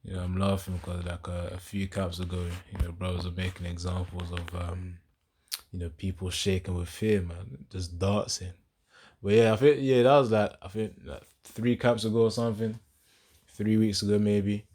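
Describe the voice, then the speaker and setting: A man with a very low voice talks through scripture in a loose, chatty way, laughing as he goes. He slows right down to read verses out with weight. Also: flat delivery, darkish tone, husky. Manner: loose and chatty, laughs often, reads verses slowly and emphatically. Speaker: scripture teacher. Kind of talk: casual scripture talk.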